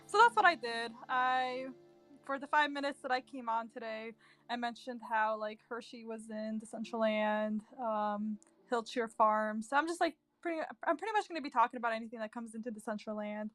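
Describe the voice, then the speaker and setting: A woman's voice: on the high side, moderate pace, a bit bright, dry recording, soft background music. A woman talking casually in an online audio chat room, chatty, with many fillers and frequent laughter. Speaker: community member giving metaverse news. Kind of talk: casual Twitter Space chat.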